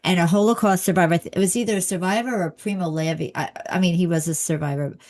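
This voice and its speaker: A woman's voice: on the low side, fast talker, darkish tone. A woman hosting a casual conversation over a video call, talking hesitantly with fillers and restarts.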